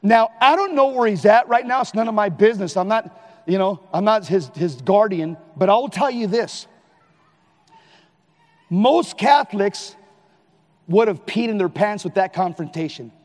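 Male lay preacher, high-pitched, emphatic and animated, recorded in a reverberant hall. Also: moderate pace. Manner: animated, emphatic, at times shouting. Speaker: Catholic lay speaker. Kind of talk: live preaching talk.

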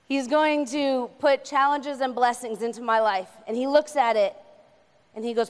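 A young woman with a high, bright voice gives a lively talk on anxiety before an audience. She acts out voices of God and the brain as she explains. Her voice rings with the long reverb of a large hall. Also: moderate pace. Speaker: speaker. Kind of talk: faith-based talk on anxiety.

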